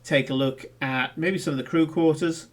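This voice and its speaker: A man's voice: fairly high pitch, fairly even intonation, normal speed. Man laying out plans as a player. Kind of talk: casual tabletop role-play.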